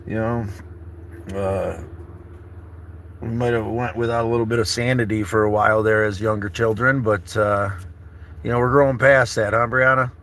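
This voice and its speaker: Man, 30s, bright-voiced, easygoing rambling vlogger in a camper, faint background noise. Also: medium pitch. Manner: rambling, laid-back, calls viewers brother and buddy. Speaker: travel vlogger. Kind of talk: casual morning livestream chat. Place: inside a camper car.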